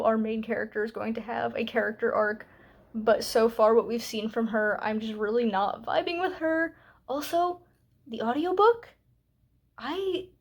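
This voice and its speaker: Young female book vlogger, slightly high-pitched, candid and chatty with lots of fillers. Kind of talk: casual book review vlog.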